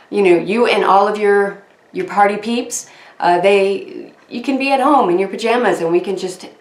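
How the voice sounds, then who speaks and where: A woman chatting casually to camera as host of her crafting channel, rambling and poking fun at herself. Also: mid-range voice. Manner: chatty, rambling, self-deprecating. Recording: echoey room.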